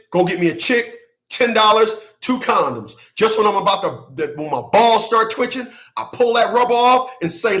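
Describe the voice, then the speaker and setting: A man with a high, bright voice delivering a profane, blunt rant to his viewers. He hammers his points home by repeating single words and curses freely. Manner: blunt, heavy cursing, repeats words for emphasis. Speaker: channel host commenting on clips. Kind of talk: profane reaction commentary.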